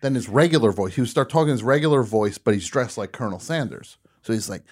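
Animated man telling a funny story. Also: mid-range voice, fast talker. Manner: animated, laughs at his own story. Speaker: radio show host. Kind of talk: casual comedic storytelling.

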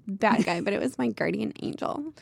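A woman chatting casually, blunt and quick to swear. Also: mid-range voice, animated, gravelly, no echo. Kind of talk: casual chat.

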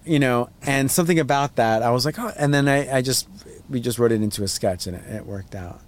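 A man, the guest on a casual podcast, talking in a rambling way and jumping his pitch up when he acts out voices. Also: a little fast. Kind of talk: casual chat.

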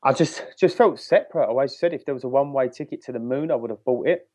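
A man from England with an English accent, a podcast guest speaking candidly and reflectively with halting restarts over a remote call. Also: mid-range voice, a little mellow. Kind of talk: podcast interview.

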